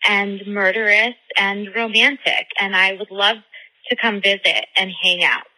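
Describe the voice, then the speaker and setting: A woman's voice: medium pitch, steady tone, unhurried, pushed and bright, rough recording. A woman in her twenties leaving a rambling voicemail in a playful, put-on Southern drawl. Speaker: voicemail caller.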